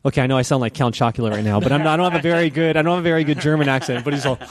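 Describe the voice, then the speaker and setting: A man's voice: medium pitch, racing. A man co-hosting a casual podcast, telling a long story with lots of swearing and acting out other people's voices. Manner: lively, profane, animated storyteller who acts out voices. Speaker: podcast co-host.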